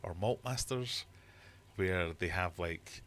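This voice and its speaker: Deep-voiced man, animated storytelling. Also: slow. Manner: animated storyteller, exasperated outbursts. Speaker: livestream host. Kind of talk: casual livestream chat. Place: home fish room.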